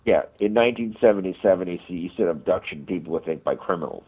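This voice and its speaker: Man with a deep husky voice on a tinny phone line. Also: quick pace. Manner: rambling, frequent restarts, animated retelling. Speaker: guest, paranormal investigator and author. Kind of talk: radio interview storytelling.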